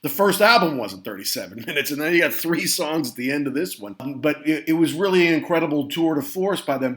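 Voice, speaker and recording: A man's voice: a little high, a bit bright. A man co-hosting a podcast, chatting casually in a rambling way, often circling back before landing his point. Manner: rambling, lots of "you know" fillers and restarts. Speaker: podcast co-host. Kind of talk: casual chat about rock albums.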